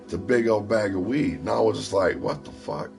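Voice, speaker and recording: A man's voice: lowish voice, fairly quick, vocal fry, music in the background. A man from Ohio telling rambling personal stories in a casual, profane way. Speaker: stream host. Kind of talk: casual storytelling.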